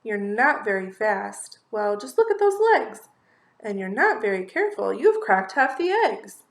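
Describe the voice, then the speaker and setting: A woman voicing a small, kind, bossy male mouse in a storybook, with a squeaky, eager manner. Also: big pitch swings, unhurried, reverberant. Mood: advising.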